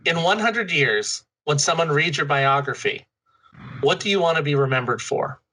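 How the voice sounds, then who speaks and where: A man hosts a casual podcast with a bright, sharp voice set a little high. He asks friendly quick-fire questions. A faint hiss sits behind him. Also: lively intonation, poor audio. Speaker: podcast host.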